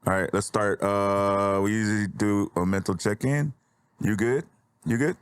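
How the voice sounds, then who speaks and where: A man co-hosting a podcast, speaking in a quiet, low-key way during casual chat. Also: normal speed, clear, resonant tone, no room sound, studio quality. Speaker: podcast co-host.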